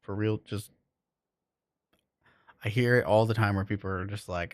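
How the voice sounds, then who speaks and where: A man's voice: lowish voice, steady tone, normal speed, pauses often, no room sound, clean studio sound. A man streaming a game, chatting loosely with his viewers and rambling with lots of fillers. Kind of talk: casual live-stream chat with viewers.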